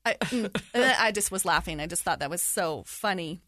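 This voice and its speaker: A middle-aged woman telling a personal story in an interview, animated and laughing through hard memories. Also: lowish voice, brisk, no echo, clean studio sound. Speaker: guest sharing her story. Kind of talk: candid interview conversation.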